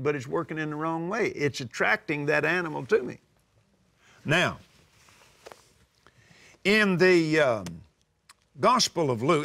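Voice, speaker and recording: An older man preaching a sermon, emphatic and drawing out scripture quotes slowly. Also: a little high, gravelly, fairly bright tone. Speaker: televangelist preacher. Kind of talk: sermon-style teaching.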